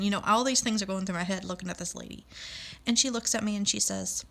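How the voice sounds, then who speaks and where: A woman's voice: medium pitch, a little fast, vocal fry, fairly bright tone. Middle-aged woman, personal storyteller, emotional, acts out quoted voices.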